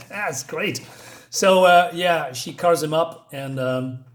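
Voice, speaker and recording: A man reviewing a comic book in a casual vlog, chatty and enthusiastic, with many fillers. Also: a little high.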